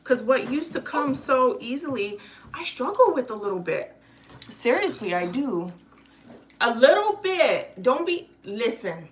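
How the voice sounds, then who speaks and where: A woman's voice: on the high side, expressive, unhurried. A woman in her forties chatting casually to the camera while cooking in her home kitchen. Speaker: vlogger. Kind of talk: casual cooking vlog chat.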